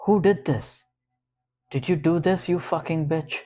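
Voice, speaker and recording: A man reading an audiobook, voicing a volatile, abusive grown man who snarls and shouts profanities. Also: fairly high pitch, takes it slowly, muffled recording. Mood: furious.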